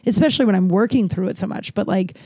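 A woman's voice: medium pitch, quick pace, dark tone, no echo. A woman comedian telling a candid personal story, speaking frankly and swearing freely.

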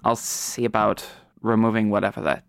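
Man playing a weary hag-armed being, sighing and hesitant, smooth dry voice. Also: on the low side, flat delivery, moderate pace, no room sound. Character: weary male being with extra hag arms.

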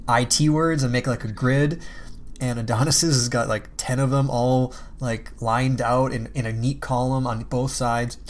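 A man's voice: mid-range voice, fairly even intonation, measured pace. A man chatting casually as a parent, laughing often and swearing easily. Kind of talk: casual chat.

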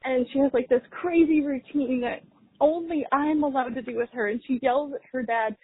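A woman's voice: high voice, moderate pace. A young woman, a mother, leaving a rambling, emotional voicemail rant full of fillers, her voice strained. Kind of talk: tearful venting rant. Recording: tinny phone line.

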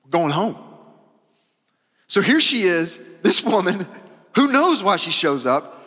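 A man preaching a sermon as pastor, emphatic and casual, repeating phrases and moving between loud and soft. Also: high voice, sing-song, takes it slowly. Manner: casual, uses "y'all" and slang. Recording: long hall reverb.

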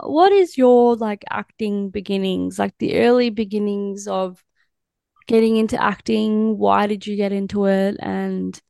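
A woman, hosting a podcast interview with relaxed, rambling questions. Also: mid-range voice, gravelly, clear, resonant tone, dry recording, clean studio sound. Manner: relaxed, filler-heavy questions. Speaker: podcast host. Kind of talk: casual interview chat.

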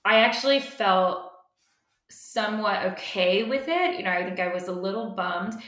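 A young woman co-hosting a podcast, telling stories in a casual chat and getting animated and worked up as she goes. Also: fairly low pitch. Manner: animated storytelling, gets worked up. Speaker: podcast co-host. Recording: echoey room.

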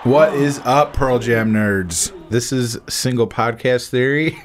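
A man in his forties co-hosting a podcast, teasing and swearing freely in casual chat, quick to laugh. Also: medium pitch, slight background noise. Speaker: podcast co-host.

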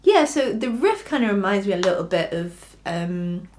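A woman's voice: mid-range voice, very animated, moderate pace, a little mellow, slight background noise. A woman guesting on a podcast at home, chatting casually with frequent laughs and fillers. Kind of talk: casual chat. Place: home room.

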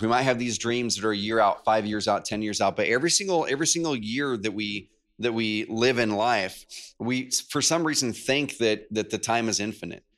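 A man's voice: lowish voice, fairly bright tone. A man hosting a podcast, talking earnestly and directly to his listeners. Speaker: podcast host. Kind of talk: casual conversation.

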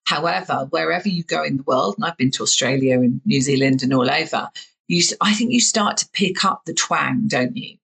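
This is a woman host with a Southern English accent, her voice lowish, gravelly and a touch husky. She chats eagerly with her guest and keeps affirming with frequent "yeah"s. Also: fairly quick, fairly bright tone, poor audio. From England. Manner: enthusiastic, lots of affirming "yeah". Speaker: podcast host. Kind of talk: casual interview chat. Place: home in the UK, remote call.

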